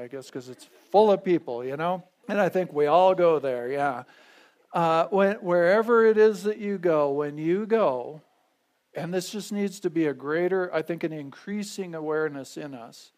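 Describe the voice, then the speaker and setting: Male pastor, sermon delivery, somewhat high voice, chatty teaching tone with frequent "okay?" check-ins. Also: a little mellow. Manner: conversational, repeats key phrases, checks in with "okay?". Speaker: pastor teaching a Bible study.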